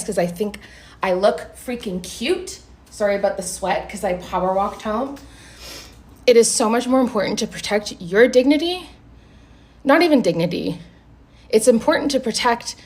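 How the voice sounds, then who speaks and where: A young woman telling a story straight to camera in a casual, lively way. She swears freely and acts out what each person said. Her voice sits in an ordinary middle pitch. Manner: animated, profane, acts out both sides of the conversation. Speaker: vlogger telling a dating story.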